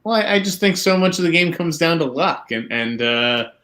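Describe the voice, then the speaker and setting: A man from Boston talking as a guest in a casual chat, relaxed and a bit hesitant. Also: on the high side, normal speed, slight background noise. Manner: laid-back, modest, a little hesitant.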